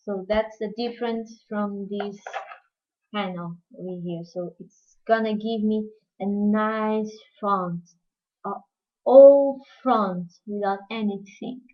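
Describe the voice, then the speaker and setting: Slow-talking woman teaching a craft. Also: mid-range voice. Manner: talks slowly while working, chats with viewers. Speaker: craft tutorial host. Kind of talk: live-streamed craft tutorial. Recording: dull lo-fi live stream audio.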